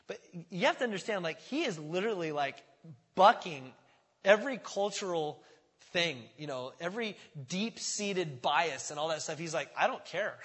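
Guy preaching a sermon, kinda husky, lots of "does that make sense", acts out the quotes, big echoey hall. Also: on the high side, animated, normal speed, fairly bright tone. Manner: conversational, keeps asking "does that make sense?"; acts out voices in quoted dialogue. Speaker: pastor.

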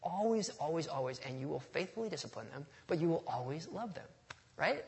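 A man's voice: a little high, animated, a little fast, vocal fry. A man preaching a sermon in a conversational, storytelling way, with touches of humor and a passage read aloud.

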